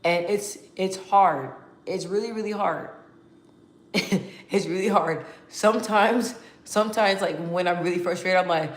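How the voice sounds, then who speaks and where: A woman vlogging casually to her viewers, talking in an animated, emphatic way with slang and frequent restarts. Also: mid-range voice, reverberant. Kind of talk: casual talk to camera.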